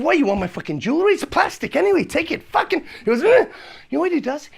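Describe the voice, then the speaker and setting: A man voicing a brash, volatile, foul-mouthed male dancer who swears constantly and bursts into shouting, performed live in a comedy venue. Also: extremely high pitch, creaky, heavily acted. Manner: swearing, swings into shouted outbursts.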